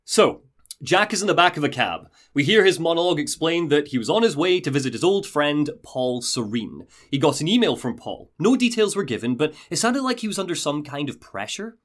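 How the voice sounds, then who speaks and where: A male podcast host recapping a game story in an animated, jokey way. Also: fairly high pitch, brisk.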